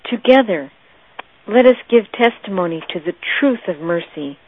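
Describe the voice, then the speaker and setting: A woman preaching a sermon in a slow, deliberate, meditative way. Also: mid-range voice, lively intonation. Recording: tinny, phone-like dry audio.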